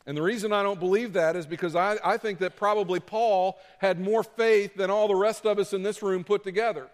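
A man preaching a sermon as pastor, dramatic, moving between loud pleading and quiet asides. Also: high voice, fairly even intonation, a little fast, long reverb tail.

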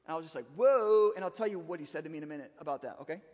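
A man's voice: fairly high pitch, very fast, long reverb tail. A man preaching a sermon as pastor, talking conversationally and repeating words as he starts a thought.

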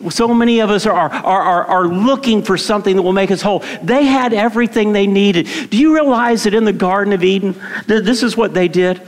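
This middle-aged pastor's sermon feels like conversation: he repeats words and asks the congregation questions. High-pitched and fairly quick, he barely pauses, and the hall's reverb rings long.

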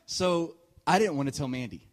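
A man in his thirties preaching a sermon, telling a personal story with frequent laughs and sudden shifts from quiet asides to loud punchlines. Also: fairly high pitch, moderate pace. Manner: animated storyteller, often laughing mid-sentence; swings between hushed asides and loud punchlines. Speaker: pastor.

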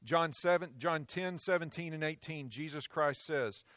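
Preacher, male, somewhat high voice, dry close sound; emphatic delivery that drops to hushed lows. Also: normal speed, dry recording. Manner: emphatic, swinging from loud declarations to hushed low phrases. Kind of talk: sermon.

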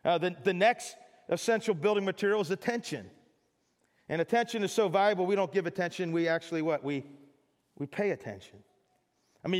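High-voiced pastor in an echoing hall. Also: male voice. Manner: conversational, acts out little scenes for laughs. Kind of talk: sermon.

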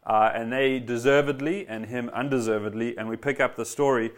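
A man's voice: mid-range voice, fairly even intonation, fairly quick. A man preaching a sermon, earnest and emphatic, repeating key phrases and speaking directly to his congregation. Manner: eager, addresses congregation directly.

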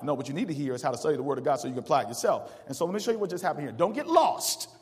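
High-voiced preacher in an echoing hall. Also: male voice, lively intonation, very fast, hardly any pauses. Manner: preaches with rising call-outs and asks the congregation to finish verses. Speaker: pastor. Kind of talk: call-and-response sermon.

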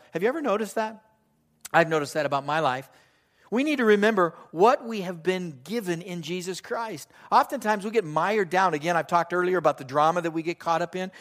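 An older man delivers a sermon in a fairly high voice, telling stories with animated swings between quiet asides and louder bursts. He preaches like a grandfather sharing lessons with his congregation. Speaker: pastor.

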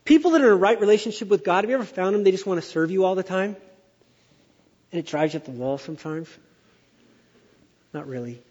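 A middle-aged man with a high voice preaches a lively, exaggerated sermon. His voice rings with a long hall reverb and sounds dull and muffled, as if from a church sanctuary. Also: fast talker, pauses often. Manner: animated, exaggerating storyteller. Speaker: pastor.

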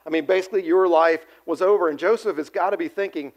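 A pastor preaching a sermon, telling the story animatedly and asking the audience to answer. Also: male voice, high-pitched, fast talker. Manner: animated storytelling, acts out quotes, asks the audience.

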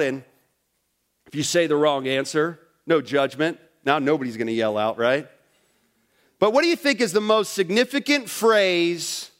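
High-voiced animated man preaching. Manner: animated, direct preaching with sudden drops to quiet. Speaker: pastor. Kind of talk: sermon. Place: church sanctuary before a congregation.

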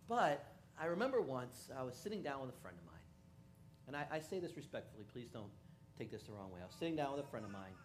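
This sermon comes from a male pastor whose voice sits in the mid-range, with a little background noise present. Between prayers, he tells personal stories with lively energy, performing the voices of those in them.

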